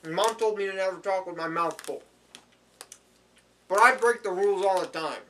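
A man improvising goofy parody ads in a rambling, deadpan way, correcting himself as he goes. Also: high voice, moderate pace, far from the mic, slight background noise. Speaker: video creator.

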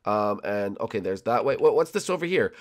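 A young man commenting on a building game, rambling and excitable with many fillers. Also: lowish voice, fairly quick. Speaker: gaming channel host. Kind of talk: gameplay commentary with role-play.

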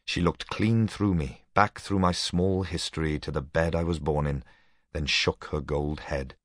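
A Welsh man from Wales reading a literary short story aloud with a rhythmic, measured storytelling delivery. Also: a bass voice, fairly even intonation, no room sound, clean studio sound. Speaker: reader.

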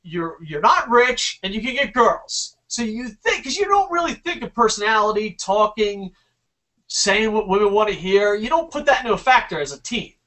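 A young man from New Jersey talks through a loose, swear-filled podcast chat. His pitch swings up and down as he rambles through stories. He sits a little back from the mic. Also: fairly bright tone, distant mic. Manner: profane, rambling storyteller. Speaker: podcast co-host.

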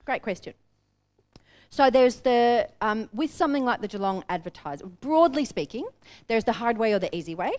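An Australian woman coaching a live workshop, energetic and direct, telling stories to make her points. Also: a little high, moderate pace. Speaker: business coach. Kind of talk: workshop teaching. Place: seminar room with an audience.

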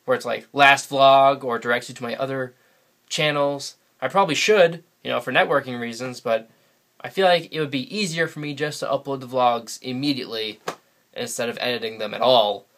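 Seated alone facing a camera, a New England vlogger with a bright, mid-range voice talks a little fast. The casual solo vlog is caught on the camera mic as he rambles, chats, and laughs frequently.

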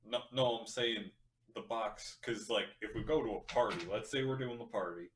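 A man playing in a tabletop game who speaks confidently and deliberately. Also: on the low side, fairly bright tone, a little hiss or hum. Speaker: player. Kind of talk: casual tabletop play. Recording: roomy echo.

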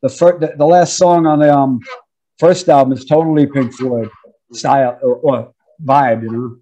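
A man in his fifties from New York, an interview guest telling animated, slangy stories about his career with frequent laughs. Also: mid-range voice, normal speed, muffled recording. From New York, USA. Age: 50s. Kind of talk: casual storytelling interview.

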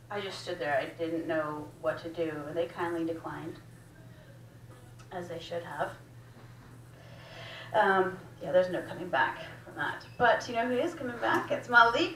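Brief: female comedy emcee, bright voice, heard from a distance in an echoey room. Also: mid-range voice. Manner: hyping the crowd, calling for applause. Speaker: guest host and emcee. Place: small cafe room used as comedy venue. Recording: roomy room, distant mic, faint hiss.

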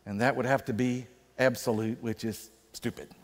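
A male pastor preaching a sermon in a conversational way, slowing down for emphasis. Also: medium pitch, steady tone. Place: church sanctuary. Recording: reverberant church sanctuary.

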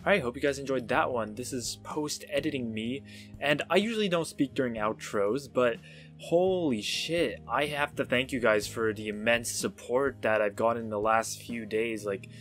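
A man's voice: medium pitch, normal speed, soft background music. Sarcastic young-sounding gaming commentator man. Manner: sarcastic, excitable outbursts, self-mocking. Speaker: gaming YouTuber. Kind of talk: let's-play game commentary.

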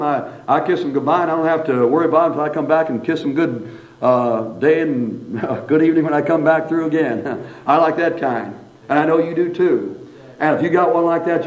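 A man preaches in a folksy, animated way, leaning on asides and repetition. His voice sits fairly high for a man. The recording is dull and lo-fi. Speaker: pastor. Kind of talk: sermon.

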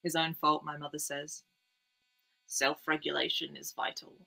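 A young woman reading her own literary piece aloud in a measured, quiet first-person voice. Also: deep voice, flat delivery, gravelly, rough recording. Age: young adult.

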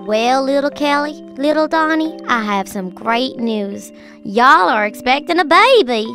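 Calm high-voiced woman playing a doctor. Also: unhurried. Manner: calm, polite, formal. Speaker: doctor in a roleplay. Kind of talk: casual game roleplay. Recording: background music under voice.

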